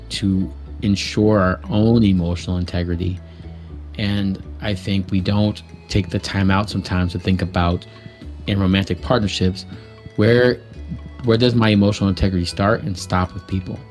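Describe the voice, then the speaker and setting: A man's voice: deep voice, a little mellow. A man co-hosting a podcast, speaking in an earnest, reflective way about his own views. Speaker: co-host. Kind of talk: casual podcast chat.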